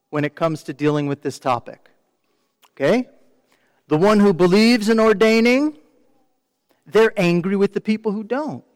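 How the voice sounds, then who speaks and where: A pastor with a high-pitched voice preaches conversationally, often questioning the congregation and mimicking complainers in quoted asides. The recording is dry yet carries a long reverb tail.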